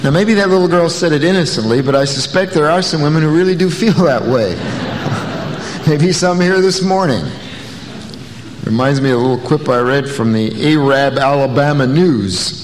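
A pastor preaching a sermon, telling stories with a dry, folksy humor. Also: male voice, on the high side, normal speed. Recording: long reverb, faint noise.

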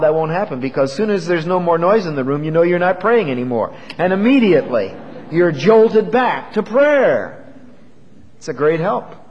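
Man, preacher, earnest sermon, lively rising and falling voice, fairly high, long hall reverb. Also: lo-fi sound. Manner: earnest, measured, with rhetorical questions.

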